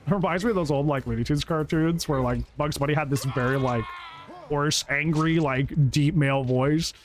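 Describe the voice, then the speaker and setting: A man's voice: a little high, moderate pace. A man giving casual, jokey commentary while he plays a video game, talking to the players on screen, laughing and swearing often. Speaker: gaming YouTuber. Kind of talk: live gameplay commentary.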